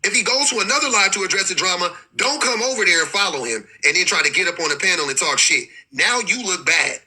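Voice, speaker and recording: A man's voice: high voice, expressive, fast talker, bright, forceful tone, slightly rough, low-quality recording. A man hosting a livestream, rambling and exasperated, swearing freely and restarting his sentences often. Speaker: livestream host. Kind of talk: casual livestream commentary.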